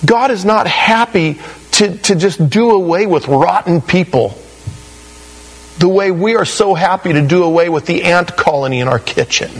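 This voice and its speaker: A male pastor with a high-pitched, breathy voice works through an expository sermon at a moderate pace, though the audio is poor. His style is conversational and emphatic, peppered with "you know."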